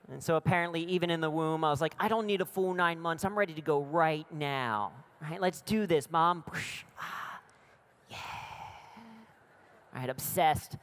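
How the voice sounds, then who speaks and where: Upbeat American man with a smooth voice. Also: a little high. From United States. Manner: energetic, self-deprecating jokes. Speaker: conference speaker. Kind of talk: comedic keynote talk.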